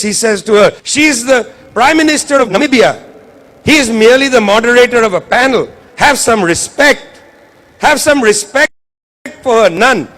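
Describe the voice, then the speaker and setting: Very high-voiced impassioned male speaker. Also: lively intonation, normal speed, a bit bright. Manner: impassioned and emphatic, with rhetorical repetition. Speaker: guest speaker at a book launch. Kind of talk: political speech to an audience.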